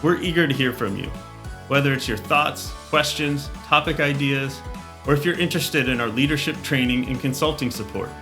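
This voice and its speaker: A man hosting a podcast speaks in an easygoing, casual way and then reads a short scripted sign-off. His voice sits in a middle pitch, with faint music behind him. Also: moderate pace. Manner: easygoing, wraps up the episode. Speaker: podcast host. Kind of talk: casual chat and scripted outro.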